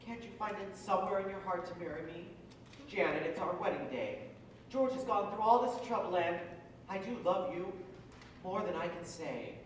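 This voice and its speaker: An actor playing an earnest, lovestruck young groom, pleading on stage in a musical. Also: male voice, high voice, normal speed, slight background noise, close to an everyday voice. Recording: echoey theatre stage, mics far off.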